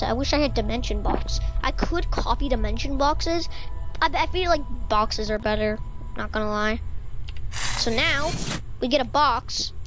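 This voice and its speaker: High-voiced young woman rambling over gameplay. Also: rough recording. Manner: rambling, stammers, many fillers. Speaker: gaming YouTuber. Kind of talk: casual let's-play commentary. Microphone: desk microphone.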